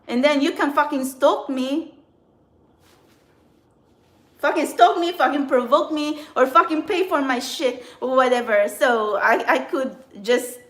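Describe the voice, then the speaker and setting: A woman's voice: sits high, a bit bright, reverberant. A woman tarot reader vlogging an angry, rambling rant, swearing often and filling her talk with "like" and restarts. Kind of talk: angry ranting monologue.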